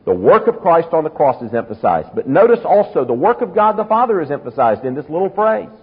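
A man's voice: a little high, very animated, a little fast, slightly rough. A man preaching a sermon, emphatic, drawing out key words and speeding through asides. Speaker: pastor. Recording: muffled sound with long hall reverb.

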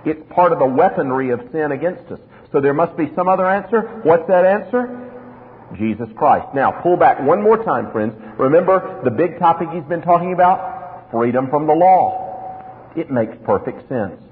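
A man's voice: a little high, expressive, normal speed. A male pastor preaching an expository sermon, asking rhetorical questions and acting out little dialogues. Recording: tinny lo-fi sermon recording in a reverberant hall.

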